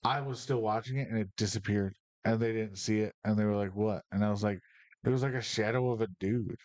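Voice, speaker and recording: A man's voice: on the low side, fairly even intonation, brisk, a little mellow, dry recording. A man from Michigan telling rambling personal stories on a casual podcast, profane and fired up. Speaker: podcast host. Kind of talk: casual storytelling.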